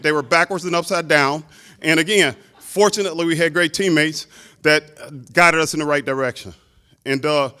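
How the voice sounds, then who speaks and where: Man telling a lively story in a speech. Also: fairly high pitch. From Chicago, United States. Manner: lively storytelling with frequent asides. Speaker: hall of fame inductee.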